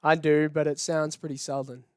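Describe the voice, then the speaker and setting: Australian man, smooth resonant voice. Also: a little high, moderate pace, no echo, clean studio sound. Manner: relaxed, laughs easily, trailing fillers. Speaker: guest, baseball player. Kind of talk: casual interview.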